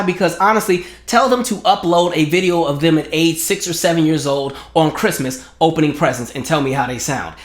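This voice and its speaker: A man's voice: a little high, echoey room. A young man with hosting a casual commentary monologue, telling stories and mocking the other side in a raised voice. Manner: animated storytelling, mocks opponents in raised voice. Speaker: commentary channel host.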